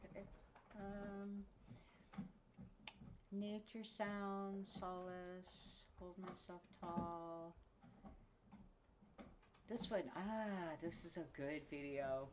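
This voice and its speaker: A woman's voice: lowish voice, fairly even intonation, extremely slow, long pauses. Sixty-ish woman venting at home, cussing a lot and cackling, bit of room hiss. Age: 60s. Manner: swears freely, laughs between outbursts. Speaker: vlogger. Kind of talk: angry casual rant to camera.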